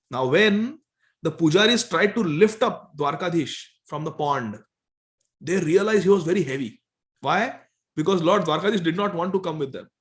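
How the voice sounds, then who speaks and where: High-voiced man telling a devotional story. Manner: animated, chuckling storyteller. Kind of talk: sermon storytelling.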